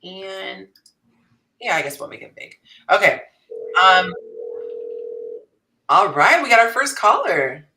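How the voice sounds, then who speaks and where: A woman's voice: medium pitch, sing-song, takes it slowly, long pauses, sharp tone, poor audio. A woman hosting a live panel chat, bubbly and laughing at herself as she reads out questions. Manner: bubbly, laughing, self-deprecating. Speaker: host.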